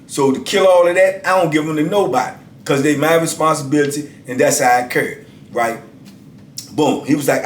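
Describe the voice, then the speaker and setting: Against slight background noise, a brisk, fairly high-pitched man in his fifties casually tells a prison story, checking in again and again with "you know what I'm saying." The room adds a noticeable echo.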